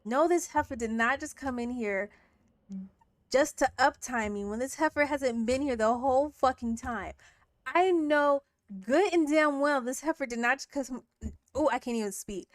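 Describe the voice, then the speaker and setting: A woman's voice: sits high, moderate pace, no room sound, clean studio sound. A woman livestreaming a game, chatting casually and profanely with her viewers, muttering to herself and then playfully scolding chat. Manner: muttering to herself between outbursts.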